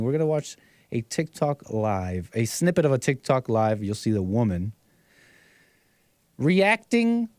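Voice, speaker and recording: A man's voice: medium pitch, a little mellow, no room sound. A man hosting a call-in livestream show, talking casually in a rambling way, repeating phrases and chuckling often. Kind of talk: casual talk-show commentary.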